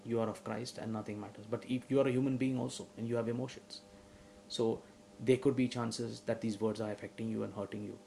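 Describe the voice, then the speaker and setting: Male preacher, warm timbre, emphatic sermon delivery that builds in volume. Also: mid-range voice, steady tone, brisk, vocal fry, slight background noise, low-quality recording. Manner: rising to loud emphatic preaching; asks the audience questions.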